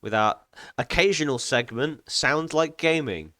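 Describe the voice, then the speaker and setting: Smooth-voiced easygoing podcast man. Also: on the high side, a little slow, sharp tone, no echo, clean studio sound. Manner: easygoing, brief agreeing replies. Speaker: podcast host. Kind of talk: casual chat.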